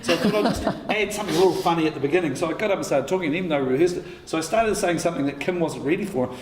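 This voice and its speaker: A man in his fifties with a slightly high voice spins candid panel anecdotes, laughing, swearing and restarting often. His voice rings in an echoey hall over faint background noise. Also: very fast. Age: 50s. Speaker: writer and co-creator on a panel.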